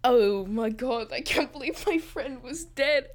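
Woman playing a melodramatic male jeweler, put-on British accent, hammy, loud. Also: a little high, expressive, measured pace. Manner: hammy, giggling through the lines.

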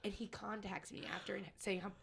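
Comedian lady on a podcast telling a wild story, bright voice, faint hiss behind. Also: medium pitch, a little fast, gravelly. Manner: animated, swearing, laughing through the story. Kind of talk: casual storytelling chat.

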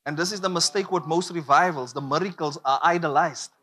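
A man's voice: on the high side, brisk, a bit bright. A man preaching a sermon, emphatic and repetitive, drawing call-and-response from the congregation.

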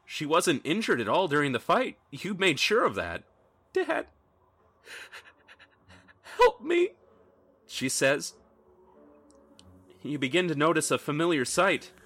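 A man's voice: on the high side, big pitch swings, fairly quick, few pauses, fairly bright tone, slightly rough, no echo. A man narrating a tabletop role-playing game as game master, telling the story in dramatic second person.

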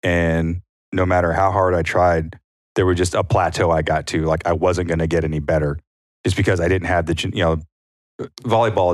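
Deep male podcast co-host, easygoing storyteller, dry close mic. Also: no room sound. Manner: storytelling, acts out quotes in a higher voice. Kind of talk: casual chat.

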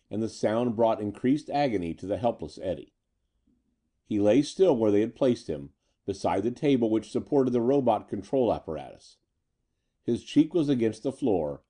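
A man narrating a pulp story in an expressive, dramatic reading. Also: lowish voice. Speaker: audiobook narrator.

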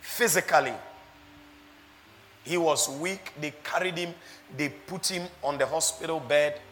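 A man preaching a sermon as pastor, animated, laughing often and asking his listeners rhetorical questions. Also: on the high side, unhurried, in a large hall, slight background noise.

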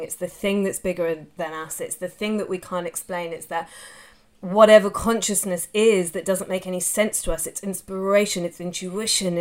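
An Australian woman with a lowish voice hosts a podcast alone, talking casually and candidly. She swears freely and rambles in long run-on sentences, recorded live on social media with a phone.

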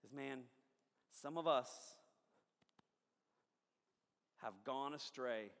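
A man preaching a sermon in a lively, joking way, often checking in with the crowd. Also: mid-range voice, very slow, vocal fry, in a large hall. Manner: animated, jokey, asks the crowd often. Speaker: pastor. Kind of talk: sermon with storytelling. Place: large church hall.

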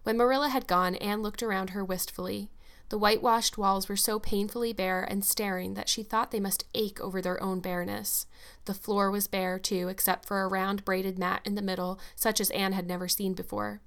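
A woman's voice: medium pitch, little pitch movement, moderate pace, a bit bright. Woman reading a storybook aloud. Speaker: audiobook narrator. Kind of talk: scripted narration.

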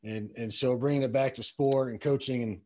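A man hosting a casual interview podcast, asking his guest relaxed conversational questions. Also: mid-range voice, a little fast. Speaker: podcast host.

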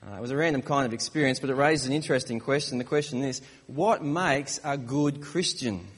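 A man, a father of young children, preaching a sermon in a relaxed, joking storytelling manner. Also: mid-range voice, fairly quick, in a large hall, slight background noise.

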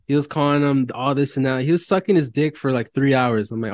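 A man's voice: mid-range voice, brisk, hardly any pauses, dry recording. A man co-hosting a sports podcast, talking casually, swearing a lot and venting about announcers. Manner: profane, animated, mocks announcers. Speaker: podcast co-host.

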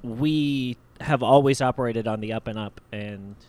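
A smooth-talking adventurer making a businesslike pitch, as a player puts him on. The voice is clear and resonant at a mid pitch, recorded dry and close. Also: male voice, unhurried, a little mellow, no echo, close to an everyday voice. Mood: persuasive. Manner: businesslike, persuasive. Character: smooth-talking male adventurer named Geppetto.

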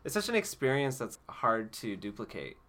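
Male actor guest, casual, giggly, rambling with fillers, mid-pitched. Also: very animated, moderate pace, a bit bright. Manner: laughs often, rambling with many fillers. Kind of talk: casual interview chat.

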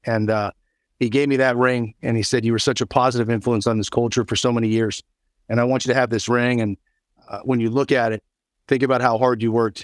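Middle-aged man, guest on a video call, rapid animated storyteller, dry close sound. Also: mid-range voice, dry recording. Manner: animated, quick storyteller acting out dialogue. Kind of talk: storytelling in an interview.

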